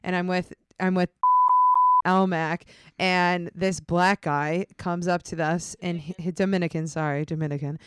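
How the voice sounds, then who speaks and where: Smooth-voiced woman telling a raunchy story. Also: on the low side, measured pace. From New York State, US. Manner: animated, laughing storyteller, acts out quoted voices. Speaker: guest storyteller. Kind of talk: casual podcast chat.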